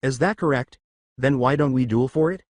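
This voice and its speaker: A man's voice: medium pitch, normal speed, darkish tone, no room sound, natural voice. A man voicing a folksy cowboy gunslinger teacher who speaks in a challenging, playful way.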